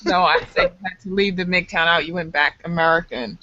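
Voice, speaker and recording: A woman's voice: on the low side, steady tone, fairly quick, sharp tone, dry recording. A woman joking and giggling in a casual online group chat. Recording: dry, dull lo-fi call audio.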